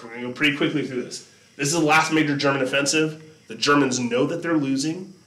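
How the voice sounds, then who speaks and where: A man gives a history lesson over slides, chatty and informal, pausing often to check that his listeners follow. His voice is bright and forward. He sits back from the mic, and the room rings around him. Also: mid-range voice. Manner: conversational, keeps checking in with listeners. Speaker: history teacher. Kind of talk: classroom lecture over slides. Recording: echoey room, distant mic.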